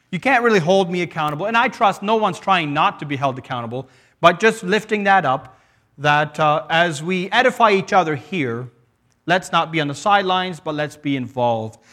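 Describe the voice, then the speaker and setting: Earnest male preacher, slightly high voice. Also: expressive, sharp tone. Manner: earnest, with frequent restarts and pauses to read scripture. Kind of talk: sermon.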